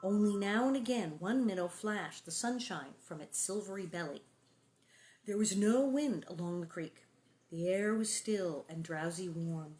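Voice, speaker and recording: A middle-aged woman reading a children's book aloud, breaking off for chatty asides and playful sound effects and sometimes dropping to a soft whisper. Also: mid-range voice, measured pace. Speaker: reader and host.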